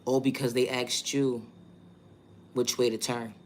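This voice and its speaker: A man's voice: medium pitch, flat delivery, a little slow, a little hiss or hum. A man with a New York accent, talking through a monologue vlog in an emphatic, repetitive way and asking rhetorical questions.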